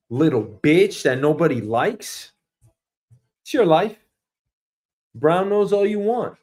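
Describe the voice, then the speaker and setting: A man's voice: on the high side, big pitch swings, takes it slowly, long pauses, darkish tone. A man hosting his own show, ranting profanely and animatedly about his boss and acting out office conversations. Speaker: show host. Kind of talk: comedic rant.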